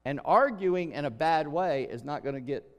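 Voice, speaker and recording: A middle-aged man preaching a sermon as pastor, in a folksy, chatty way with jokes and quick asides. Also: fairly high pitch, lively intonation. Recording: long hall reverb.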